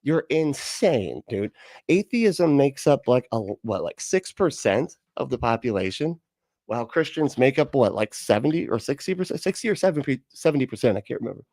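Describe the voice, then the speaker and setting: A man's voice: mid-range voice, big pitch swings, normal speed, a little mellow, no echo. A man hosting a livestream, reacting to a clip in a sarcastic, profane, exasperated ramble full of fillers. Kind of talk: casual reaction commentary.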